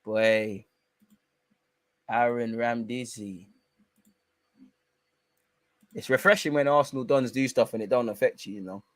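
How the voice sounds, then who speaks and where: A young man hosting a live football watch-along, talking in slangy banter that keeps jumping into excited outbursts as he teases the players. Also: medium pitch, a little slow, pauses often, dry recording.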